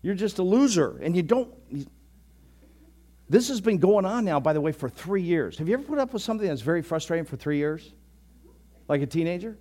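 A pastor preaching a sermon in a conversational, animated way with sudden bursts of emphasis. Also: male voice, high-pitched, a little fast.

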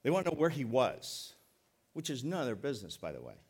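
Folksy pastor preaching, emphatic. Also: male voice, medium pitch, wildly swooping pitch, a little mellow, husky. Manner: folksy, joking, emphatic preaching with slowed stresses. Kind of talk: sermon.

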